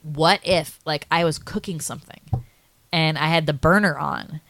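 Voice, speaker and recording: A young woman co-hosting a podcast, rambling through a story with constant likes and ums. Her voice sits a little low but comes out bright and forceful, and the recording is close and dry. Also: moderate pace, gravelly, no room sound. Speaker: podcast co-host. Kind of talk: casual storytelling chat.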